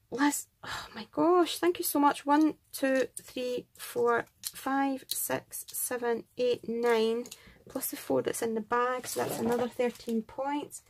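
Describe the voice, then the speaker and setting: A Scottish woman with a fairly high voice chats casually on a craft vlog. She gushes with excitement and thanks people over and over, with a faint hiss of noise behind her. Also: creaky. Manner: excitable, gushing, effusive thanks. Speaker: craft vlogger. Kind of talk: casual chat unboxing and scoring craft entries.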